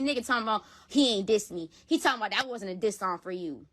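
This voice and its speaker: A woman's voice: mid-range voice, quick pace, few pauses, a bit bright. A woman guest retelling a personal dispute bluntly, swearing freely and repeating herself. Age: adult with a school-age son. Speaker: interview guest.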